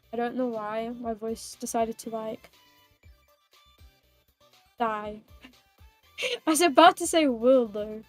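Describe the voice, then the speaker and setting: A woman's voice: on the high side, takes it slowly, pauses often, soft background music. A woman streamer chatting casually with her viewers in a playful, giggly, rambling way, teasing them and herself.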